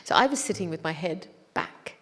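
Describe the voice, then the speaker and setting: A woman spiritual teacher reflectively recounts a personal story, unhurried and often dropping to a near-whisper. Her low, husky voice is expressive and a bit bright, with a long hall reverb trailing her words.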